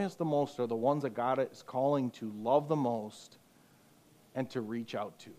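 A man's voice: medium pitch, normal speed. A man preaching a sermon to a youth group, telling stories and acting out the people in them with rising emphasis. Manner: animated storytelling, acting out quotes loudly. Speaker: youth pastor.

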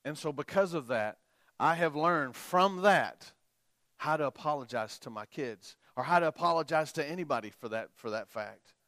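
A middle-aged man preaching a sermon and telling a personal story, swinging between quiet, soft telling and loud, emphatic preaching. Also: a little high, expressive, moderate pace, dry recording, clean studio sound.

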